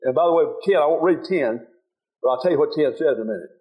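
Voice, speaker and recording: A man's voice: a little high, expressive, fast talker. Older pastor, folksy and earnest, lifts his voice on scripture; tinny lo-fi church recording. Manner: folksy, earnest preaching, rising emphasis on scripture. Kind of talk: sermon. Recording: tinny phone-like sound.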